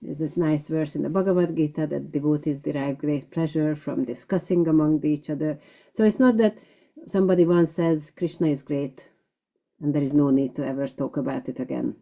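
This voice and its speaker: Low, mellow-voiced woman teaching a class. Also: brisk, creaky. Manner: explains terms step by step, frequent fillers. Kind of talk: scripture class lecture.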